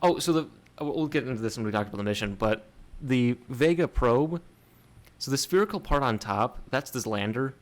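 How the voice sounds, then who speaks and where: A man's voice: mid-range voice, expressive, normal speed. A man hosting a podcast, chatting casually and jokingly about space missions, laughing often as he explains. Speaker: podcast host. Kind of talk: casual chat.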